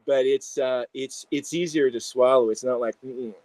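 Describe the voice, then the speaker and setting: A man, an integration psychologist, telling animated stories in a casual interview with many fillers. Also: mid-range voice, moderate pace, no echo, rough recording.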